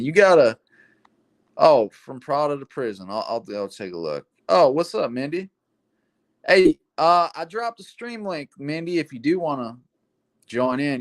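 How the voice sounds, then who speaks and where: A man's voice: mid-range voice, a bit bright. A man giving casual, profane livestream commentary, peppering his talk with "man". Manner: casual, slangy, profane, says "man" often. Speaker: YouTube livestreamer.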